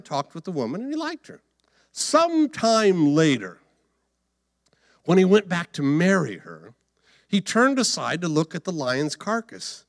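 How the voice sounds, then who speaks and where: A man's voice: high-pitched, dry recording, clean studio sound. A man preaching a dramatic sermon, acting out the story as he goes and humming bits of filler. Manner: dramatic, acts out the story, hums and sings filler.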